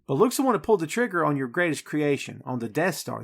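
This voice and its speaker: A podcast host with a slightly high, gravelly voice talks fast, barely pausing, in an energetic, casual chat reviewing a film. Animated throughout, he speaks straight to his listeners, calling them "folks" and "kids."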